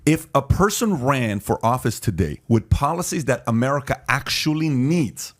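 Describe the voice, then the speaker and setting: A male podcast host argues his case, pushing back and cutting in on his guest. He repeats lines for emphasis and his voice sits in an ordinary middle pitch. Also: lively intonation, normal speed. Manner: pushy, interrupts, repeats points for emphasis. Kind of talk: debate on a podcast.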